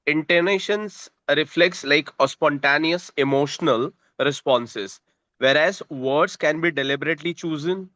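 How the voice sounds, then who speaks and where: A man's voice: on the high side, unhurried, bright, forceful tone, no room sound. A man, an audience member asking questions at an online conference, very polite and formal, with repeated thanks. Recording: dull, dry lo-fi call audio.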